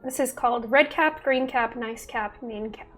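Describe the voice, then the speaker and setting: A woman narrating a tabletop game as dungeon master in an amused, lively way. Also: fairly high pitch, moderate pace, soft background music.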